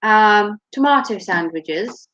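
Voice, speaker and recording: Slow and expressive, this woman's medium-pitched voice has a fairly bright tone. She's a Norfolk vlogger and mother with a slight accent from there, casually chatting, laughing and cursing freely, and the home audio is dull and lo-fi.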